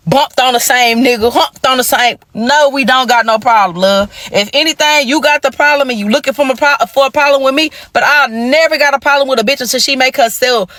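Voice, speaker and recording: A woman telling a storytime vlog in an animated, profane and emphatic way. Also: fairly high pitch, dry recording. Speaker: storytime vlogger.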